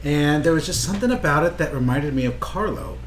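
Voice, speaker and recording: A man's voice: on the high side, animated, fast talker, slight background noise. A man co-hosting a casual live review show, teasing the others and joking. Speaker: co-host.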